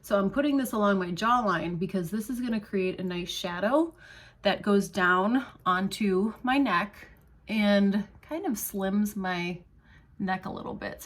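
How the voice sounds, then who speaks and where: Woman, tutorial host; chatty, reassuring step-by-step makeup demo. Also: medium pitch. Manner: chatty, reassuring, checks in with "okay?". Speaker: makeup demonstrator.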